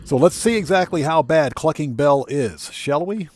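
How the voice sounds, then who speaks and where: A man's voice: a little high, expressive, moderate pace, darkish tone. A man hosting a solo game livestream, casually reading and answering chat with frequent chuckles, speaking. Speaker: livestream gamer host.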